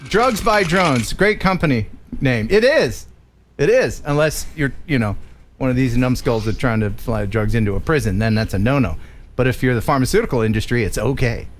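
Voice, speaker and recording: A man co-hosting a live drone show, joking playfully with big swings in pitch. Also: animated, fairly quick, slight background noise. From USA. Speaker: co-host. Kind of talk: casual live-stream chat.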